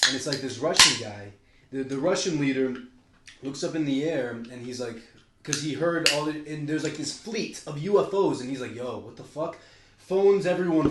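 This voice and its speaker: A man's voice: medium pitch, a little hiss or hum. A man co-hosting a podcast, talking in a loose, rambling way with plenty of swearing and sudden jumps between ideas. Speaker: podcast co-host. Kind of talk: casual podcast chat. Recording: roomy echo.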